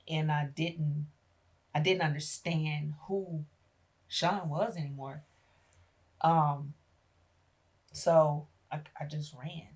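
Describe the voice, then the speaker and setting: A low-voiced woman with a husky grain tells her life story as a podcast guest. She is middle-aged, talks with feeling and slips into the voices of the people in her tale. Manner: animated retelling, acting out family members' voices. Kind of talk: emotional personal storytelling.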